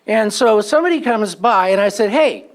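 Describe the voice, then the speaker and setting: A man's voice: high-pitched, lively intonation, moderate pace. A man giving public comment at a county meeting, telling an aggrieved story and acting out the exchanges he quotes.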